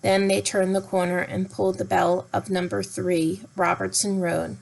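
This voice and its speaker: Lady reading a kids' chapter book out loud, gentle and expressive. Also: lowish voice, normal speed, creaky, low-quality recording. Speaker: narrator. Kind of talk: storybook read-aloud.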